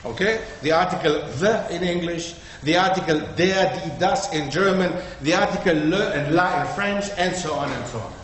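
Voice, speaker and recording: A man with a high voice teaches a group in a community hall, tossing out questions and checking that listeners follow. The sound is very echoey, like a large room heard through a long reverb, with a little faint noise underneath. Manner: quizzes the audience, checks with "okay?". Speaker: lecturer. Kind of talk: interactive classroom talk.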